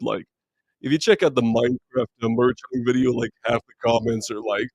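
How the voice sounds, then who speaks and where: On a live movie stream, a man with a naturally deep voice but mid-range male pitch answers viewer comments in a relaxed, meandering way. He talks fast with vocal fry, rambling through plenty of fillers and restarts. A streaming mic captures him dry and close, with no room echo.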